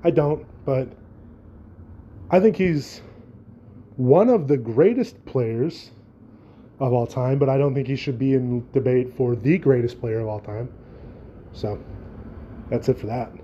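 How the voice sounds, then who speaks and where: A man's voice: medium pitch, unhurried, pauses often, warm tone, highs cut off, slight background noise. A young man hosting a solo podcast, rambling and joking casually with frequent swearing. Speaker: podcast host.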